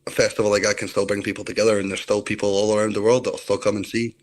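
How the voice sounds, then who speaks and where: Scottish guy on a video call, kinda low voice, rambling chatty stories. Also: level tone, very fast, a little hiss or hum. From Scotland. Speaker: interview guest. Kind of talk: casual chat.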